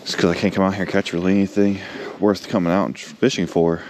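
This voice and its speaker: Excitable low-voiced man fishing from a boat. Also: quick pace, a little hiss or hum. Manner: excitable, talks to the fish. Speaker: fishing vlogger. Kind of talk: casual chat. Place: on a boat outdoors.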